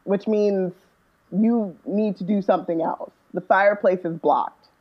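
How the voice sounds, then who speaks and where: Animated, jokey woman in casual chat. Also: mid-range voice, measured pace, highs cut off. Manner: animated, jokey, cuts in, mimics people. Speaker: podcast co-host.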